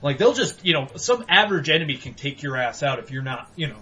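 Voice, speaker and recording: A man co-hosting a casual gaming podcast, talking animatedly, swearing and mock-yelling at games. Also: on the high side, very animated, quick pace. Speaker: podcast co-host.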